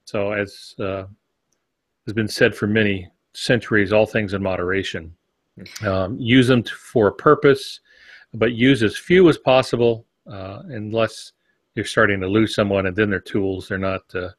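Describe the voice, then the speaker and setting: An older man co-hosting a writing podcast, explaining points in a measured, plain-spoken way. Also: fairly low pitch, fairly even intonation, dry recording. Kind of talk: instructive podcast discussion.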